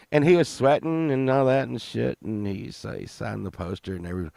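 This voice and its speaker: A man's voice: mid-range voice, steady tone, a little fast, gravelly, hardly any pauses, darkish tone, no room sound, clean studio sound. A man in his fifties telling a story on a stream, rambling, profane and full of fillers and restarts.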